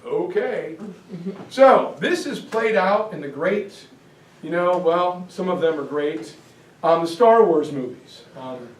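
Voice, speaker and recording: Man, high voice, theatrical jokey lecture, classroom, echoey, distant mic. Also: animated, a little slow. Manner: jokey, theatrical, bursts into shouts. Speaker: teacher. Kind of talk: animated history lecture with acted-out voices. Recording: echoey room from a far mic, faint noise.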